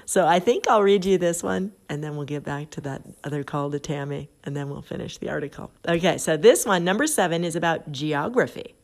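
A middle-aged woman hosts a podcast recorded on a phone app, chatting casually and reading an article aloud while often laughing at it. Her low, darkish voice is expressive and fairly quick, with few pauses.

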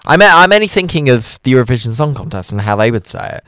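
A man's voice: medium pitch, sing-song, fast talker, sharp tone, smooth, no room sound. A man hosting a radio show, chatting casually, ranting and poking fun at himself. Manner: chatty, ranting and self-mocking.

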